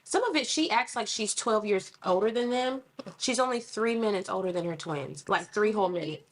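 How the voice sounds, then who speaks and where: Animated woman telling mom stories. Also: medium pitch, moderate pace. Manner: animated storyteller, acts out quotes. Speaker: mother on a podcast. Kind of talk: casual chat.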